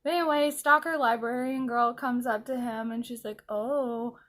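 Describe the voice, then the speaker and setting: A woman's voice: a little high, moderate pace, a bit bright. A woman vlogger chatting casually while doing her makeup at home, rambling and laughing often. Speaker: anime vlogger.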